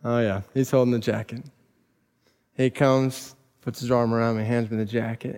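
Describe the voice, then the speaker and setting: A pastor telling personal stories in a sermon, building to emphatic preaching before a congregation. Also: male voice, medium pitch, level tone, normal speed, a little mellow, smooth. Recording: long reverb of a large hall.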